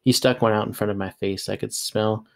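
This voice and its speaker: Low-voiced man reading a novel aloud. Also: brisk, gravelly. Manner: steady, plain storytelling. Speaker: audiobook reader.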